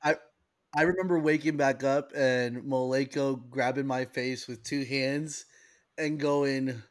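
A man co-hosting a podcast, telling a story with animated, laughing energy in casual chat. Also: medium pitch, measured pace. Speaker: podcast co-host.

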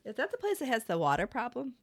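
A woman's voice: on the high side, huge pitch swings, fast, no echo, studio quality. Gushing, sentimental woman co-host. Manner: gushing, sentimental, filler-heavy. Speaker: podcast co-host. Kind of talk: casual chat about music.

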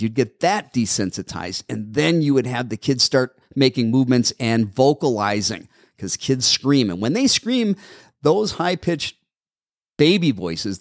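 Man, dog trainer, advice show, patient and instructive, slightly hoarse, dry close mic. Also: mid-range voice, no room sound. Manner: patient, instructive, repeats steps. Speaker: dog trainer answering listener questions. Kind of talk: advice show, answering questions.

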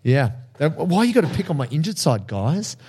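Male podcast co-host, mellow tone, animated storyteller who laughs often. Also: a little high, normal speed, breathy edge. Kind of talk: casual podcast chat.

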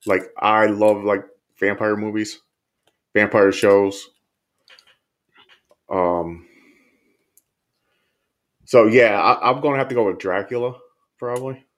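Male guest, lowish voice, rambling easygoing talker, casual cursing. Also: steady tone, slow pace, long pauses. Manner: easygoing, rambling, swears freely. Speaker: podcast guest. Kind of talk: casual chat.

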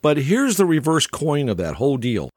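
A man's voice: fairly high pitch, huge pitch swings, normal speed, darkish tone, no echo, studio quality. Folksy older man telling rambling stories. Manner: rambling, chuckling, folksy with many restarts. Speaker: storyteller. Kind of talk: casual monologue.

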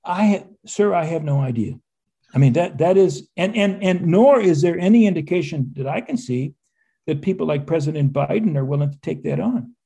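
A man's voice: a little high, expressive, moderate pace, gravelly, dark tone, slightly rough. A man in his seventies, an author and historian, speaking as a guest in an interview, rambling with restarts and wry asides. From United States. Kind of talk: conversational interview.

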